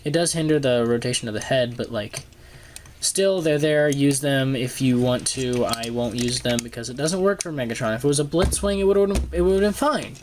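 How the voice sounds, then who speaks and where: A man's voice: medium pitch, slight background noise. Rambling young man reviewing a toy. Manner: rambling, halting, with frequent ums and uhs. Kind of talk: casual hands-on toy review. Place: home desk filming a toy close up. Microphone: camera microphone.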